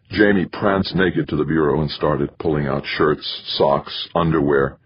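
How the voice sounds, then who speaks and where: A man narrating an audiobook in a measured, steady storytelling manner. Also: rumbling low. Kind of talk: scripted narration. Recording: dull lo-fi recording.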